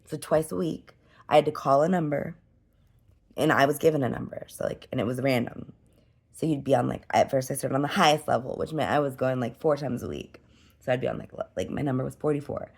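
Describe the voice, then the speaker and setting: With an extremely low, slightly rough voice at a fairly quick pace, a woman in her thirties chats through a personal vlog. It's casual and rambling, with frequent restarts, lots of "like" and "you know," and easy emotional flare-ups.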